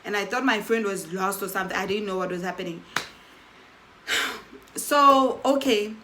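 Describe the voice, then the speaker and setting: A woman with a medium-pitched voice tells a casual story-time tale at a moderate pace against a noisy background. A storytelling vlogger, she's animated and acts out the quoted dialogue of the people in her story, leaning on "I'm like."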